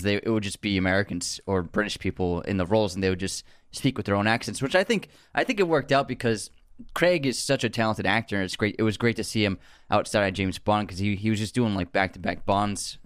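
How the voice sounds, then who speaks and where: A man's voice: lowish voice, fast, clean tone, no echo, clean studio sound. A man co-hosting a podcast, chatting casually about films with frequent laughs and restarted sentences. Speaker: podcast co-host. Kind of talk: casual film discussion.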